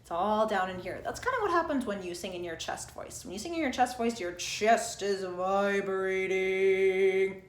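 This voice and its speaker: A woman's voice: mid-range voice, sing-song, fast, hardly any pauses, roomy sound. A woman teaching an online singing lesson, explaining plainly, checking in often with "okay?" and singing short demonstration notes. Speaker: singing coach.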